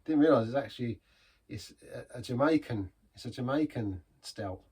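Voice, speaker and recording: A man's voice: mid-range voice, expressive, normal speed, a little mellow, husky. A man giving a casual, rambling beer review in a pub, chatty and self-deprecating.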